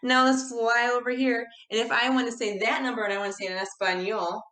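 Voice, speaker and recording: A woman teaching Spanish numbers to children in an upbeat video lesson, animated and encouraging, drawing out the words as she counts. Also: a little high, quick pace, reverberant.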